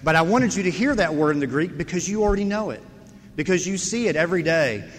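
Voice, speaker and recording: Man, guest preacher, sermon, jokey and engaging, slightly high voice, long church reverb. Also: animated, quick pace, a little hiss or hum. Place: church sanctuary.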